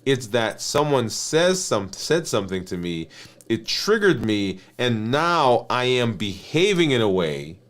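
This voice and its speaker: A man, a physician and health coach, giving an earnest teaching monologue, often checking in with "right?" and restarting his phrases. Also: lowish voice.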